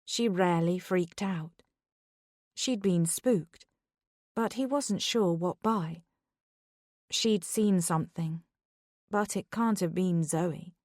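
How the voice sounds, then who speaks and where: A woman reading a thriller audiobook in a calm, measured narration. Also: fairly low pitch, no room sound, clean studio sound.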